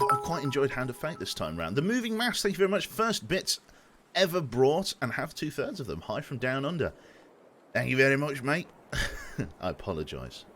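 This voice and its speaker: A man's voice: medium pitch, fairly bright tone, slight background noise. A man in his twenties chatting casually on a live game stream, jokey and self-deprecating, swearing casually. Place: home room. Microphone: desk microphone.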